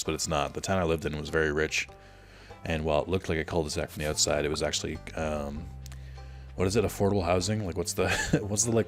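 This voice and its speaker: A man giving casual gameplay commentary, rambling through a personal story with lots of fillers. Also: rumbling low. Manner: rambling, filler-heavy, storytelling while playing. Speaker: let's play host.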